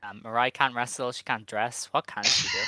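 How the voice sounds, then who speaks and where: A man co-hosting a casual podcast, laying out details and then cutting in with dry, sarcastic remarks. His voice is smooth and bright, and the mic sounds dry. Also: mid-range voice, steady tone, a little fast, no echo. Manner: dry, sarcastic rundown of the card. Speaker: co-host. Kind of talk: casual wrestling podcast chat.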